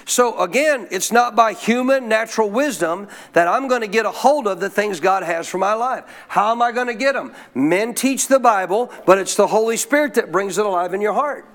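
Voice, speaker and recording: A man's voice: sits high, moderate pace, few pauses, a bit bright. A man preaching a sermon as pastor, asking questions and leaving blanks for the congregation to fill, repeating key lines with emphasis. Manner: call-and-response, leaves blanks for the crowd to fill. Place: church service.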